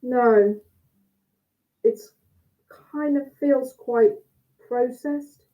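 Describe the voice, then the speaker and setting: Her voice sits high and she draws out her words. Judging cheese on a tinny, phone-quality video call, she chats and thinks out loud while cutting and tasting.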